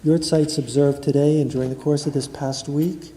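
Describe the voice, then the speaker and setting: A man leading a synagogue prayer service, reading a memorial list of names in a measured way and chanting prayers in a large sanctuary. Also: fairly high pitch, flat delivery, dark tone, a little hiss or hum. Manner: chants Kaddish prayer slowly. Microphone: livestream room mic. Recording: long reverb of a large sanctuary.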